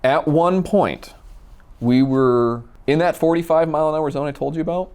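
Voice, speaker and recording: A man from Minnesota telling a personal story in a casual, animated way, acting out the dialogue. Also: on the high side, normal speed, clean tone. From Minnesota, USA. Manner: animated, acts out quoted dialogue. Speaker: storyteller guest.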